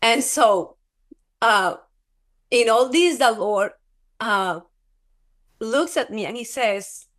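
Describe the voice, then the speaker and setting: Woman guest telling her story, stops and restarts a lot, acts out the dialogue. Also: fairly high pitch. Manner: halting, repeats words, restarts often; animated retelling with quoted dialogue. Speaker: interview guest. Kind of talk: personal testimony in conversation.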